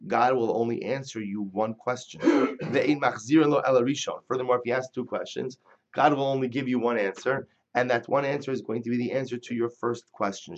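Man teaching a Talmud class, lo-fi. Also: mid-range voice. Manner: reads Hebrew and Aramaic text aloud, then explains it in English. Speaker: Torah teacher.

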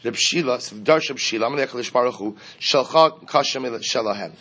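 Husky-voiced man teaching Talmud. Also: mid-range voice, fast, sharp tone. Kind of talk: Talmud class lecture.

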